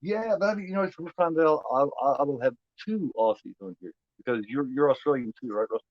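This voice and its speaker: Speaking fast in a mid-range voice, an Indiana man with a Midwestern accent runs a movie watch-along stream full of loose chat, rambling and saying things twice. There's no echo, though the recording sounds muffled.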